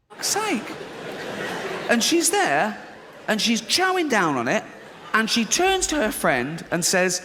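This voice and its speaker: A man doing stand-up, brash and profane, with a lively, swooping delivery. He is recorded in a big reverberant hall, with loud crowd ambience all around. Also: high voice, slow pace, long pauses, heavy background noise. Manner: brash, swearing, laughing through punchlines. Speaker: stand-up comedian. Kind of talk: stand-up comedy routine. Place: large theatre stage.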